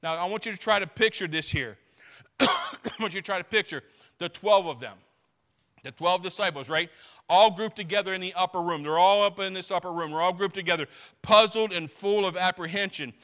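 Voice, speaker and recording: A man's voice: high voice, brisk, fairly bright tone. A man preaching a sermon as pastor, emphatic and repeating his key phrases, now and then acting out the people in his stories.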